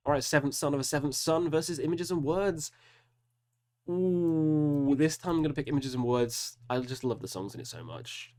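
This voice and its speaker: A man's voice: fairly high pitch, normal speed, darkish tone. A man hosting a casual solo video, talking through music matchups and groaning over hard choices with self-mocking asides. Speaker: metal reaction host. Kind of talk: casual solo commentary while picking albums.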